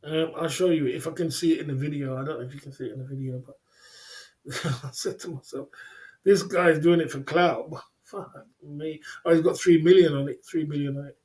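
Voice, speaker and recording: A man's voice: fairly high pitch, fairly even intonation, fairly quick, mellow. A man hosting a casual livestream, rambling and laughing a lot, with plenty of slang. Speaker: livestream host.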